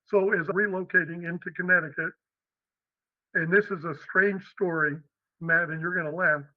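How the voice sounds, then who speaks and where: An older man from western Pennsylvania, a guest telling stories in an animated way. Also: high-pitched, normal speed, dry recording. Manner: animated, acts out the people in his stories. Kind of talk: storytelling interview. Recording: dry tinny phone-like line.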